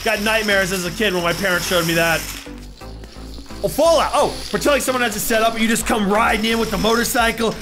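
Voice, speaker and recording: Excitable high-voiced young man shouting. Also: fairly quick, over music. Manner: excitable, joking, bursts into shouts. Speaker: YouTuber. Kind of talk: casual gaming commentary.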